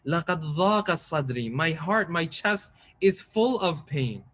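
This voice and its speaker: A man giving a mournful sermon, telling a tragic story with rising emotion and quick recited lines. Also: a little high, animated, a bit bright, slight background noise. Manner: quotes Arabic lines in quick chant-like recitation. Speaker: preacher. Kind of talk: mournful majlis sermon narration.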